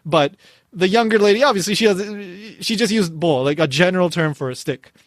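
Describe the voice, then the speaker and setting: Man, podcast host, casual storytelling, higher voice, animated, frequent laughs, restarts, dry close sound. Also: brisk, dry recording.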